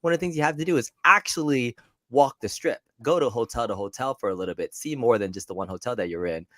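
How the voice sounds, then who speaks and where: A man's voice: mid-range voice, fast talker, a bit bright, dry recording. A tired man on little sleep, telling a rambling story in laid-back casual chat as a podcast co-host.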